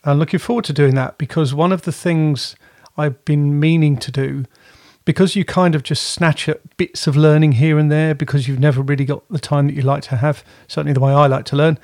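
A man's voice: on the high side, fairly even intonation, a little fast, few pauses, a little mellow, dry recording, clean studio sound. A man co-hosting a podcast from home, chatting in a rambling way and often correcting himself. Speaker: podcast co-host. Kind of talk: casual chat.

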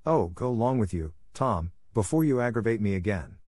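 A man's voice: lowish voice, sing-song, normal speed, a little mellow, no room sound, studio quality. A man voicing a fussy older aunt who scolds and grows exasperated with a boy. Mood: softened.

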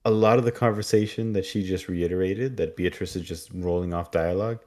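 A deep-voiced man in a relaxed podcast chat. He steps in briefly to add details his co-host skipped. His tone is low and steady, and he keeps each remark short. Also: fairly quick. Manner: adds short corrections and details. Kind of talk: casual episode recap chat.

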